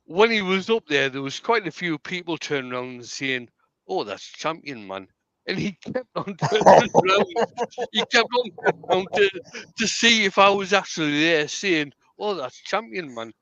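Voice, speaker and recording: A man's voice: sits high, animated, normal speed, pushed and bright, muffled recording. A man with a County Durham accent, chatting and telling stories on a live stream, laughing and repeating words as he goes. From County Durham, England. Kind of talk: casual chat.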